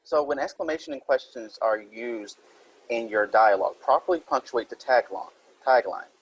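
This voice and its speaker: A man's voice: medium pitch, moderate pace, breathy edge, muffled recording. A man teaching a recorded writing minilesson, explaining step by step and reading example sentences aloud.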